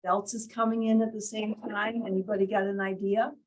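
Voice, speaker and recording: A woman with a breathy, husky voice, sitting at an everyday pitch, leads a workshop in an indoor meeting room. She teaches interactively, firing questions at the group and acting out different tones of voice to make her point. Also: little pitch movement, fairly quick, a little mellow, poor audio. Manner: quizzes the group, demonstrates tones of voice. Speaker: workshop leader.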